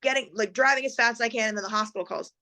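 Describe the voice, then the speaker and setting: A woman guest telling a personal story in a lively way, acting out the voices of the people she quotes. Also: on the high side, racing. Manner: animated, acts out quoted voices.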